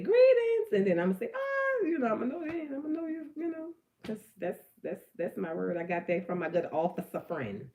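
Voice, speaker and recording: A woman from the New Orleans area with a New Orleans accent, talking in a rambling live-stream monologue. She is animated, swears, and swings from loud to hushed. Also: lowish voice. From New Orleans area, Louisiana. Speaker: livestream host.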